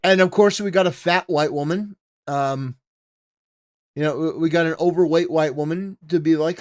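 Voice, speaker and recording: A man's voice: on the high side, fairly even intonation, moderate pace, a little mellow. A man hosting a live stream, talking casually and ranting, with lots of "you know" fillers and swearing. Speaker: streamer host.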